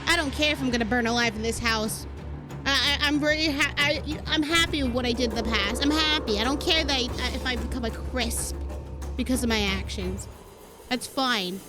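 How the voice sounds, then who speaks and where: A woman streaming a horror game, reading its text aloud and reacting dramatically with frequent swearing, with game music playing behind. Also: normal speed. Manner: dramatic, swearing, jumps high when flustered.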